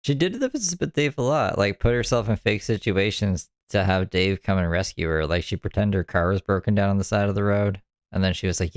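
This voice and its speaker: A man's voice: lowish voice, fairly quick, no room sound, studio quality. A man casually commenting on video clips, laughing along as he tells the story. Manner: amused, laughs often, loose storytelling.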